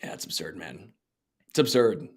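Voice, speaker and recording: A man co-hosting a casual sports podcast, blunt and opinionated, quick to dismiss teams he doesn't trust. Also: low voice, lively intonation. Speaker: podcast co-host.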